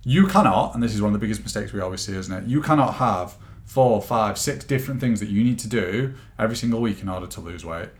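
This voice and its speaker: A man's voice: fairly low pitch, animated, fast. Male co-host, teasing and jokey, rambling chat delivery. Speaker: podcast co-host, weight-loss coach. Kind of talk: casual podcast chat.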